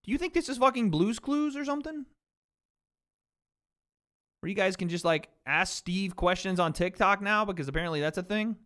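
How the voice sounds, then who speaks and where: A man's voice: high-pitched, animated, moderate pace, pauses often, a bit bright. A man hosting a livestream watch party, riffing on chat in blunt, profane casual commentary. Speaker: livestream host.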